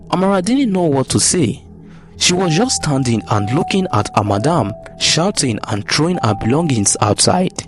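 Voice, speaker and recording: A man's voice: fairly high pitch, sing-song, moderate pace. A man narrating a folktale as storyteller. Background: background music.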